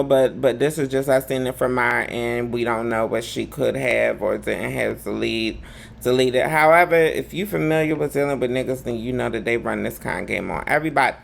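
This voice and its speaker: A man's voice: medium pitch, vocal fry, slight background noise. A man hosting a live gossip commentary show, talking in a sassy, campy way full of drawled slang. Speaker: host.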